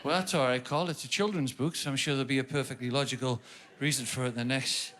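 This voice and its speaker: A man in his thirties with a Geordie accent, performing a stand-up comedy set in a theatre, storytelling with swearing and shouted punchlines. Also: medium pitch, fairly even intonation, fast talker, crowd noise. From North East England. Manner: swearing, storytelling, sing-song nursery rhyme bits, rising to shouted punchlines. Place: large theatre stage before a live audience. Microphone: stage microphone.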